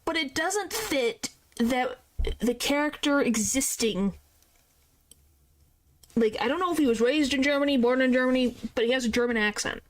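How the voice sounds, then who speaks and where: Animated high-voiced woman streamer. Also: moderate pace. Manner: animated, exclaiming, rambling. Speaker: game streamer. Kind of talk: casual gameplay commentary.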